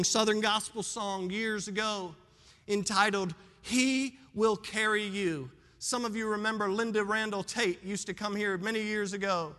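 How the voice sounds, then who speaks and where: A hoarse man preaching a sermon as pastor, with emphatic swings between loud and soft. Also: sits high, long reverb tail.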